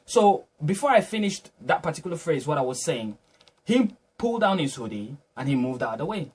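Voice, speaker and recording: A man's voice: fairly high pitch, very animated, a little fast, husky. A man earnestly retelling a personal encounter in a reflective, motivational way, often repeating and restarting his phrases. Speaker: vlogger.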